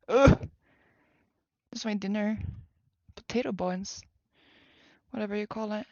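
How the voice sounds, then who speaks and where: Speaking with a Swedish accent, a young Swedish woman chats casually with her live-stream viewers from her desk at home, poking fun at herself and exclaiming often. Her voice is medium in pitch and darkish in tone, captured lo-fi with no room sound.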